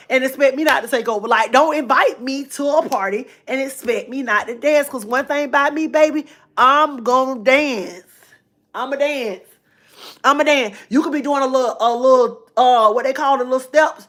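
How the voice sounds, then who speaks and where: Animated woman telling stories, Black speech. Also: a little high, brisk. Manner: animated storytelling, repeats phrases for emphasis. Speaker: livestream host. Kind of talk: casual livestream talk.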